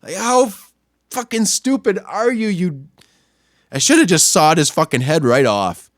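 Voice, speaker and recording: A man hosting a podcast, delivering a crude, angry rant that swings between low muttering and yelling. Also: animated, a little slow, no echo, studio quality. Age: adult, not much older than a young store clerk. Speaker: podcast host. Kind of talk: profane ranting monologue.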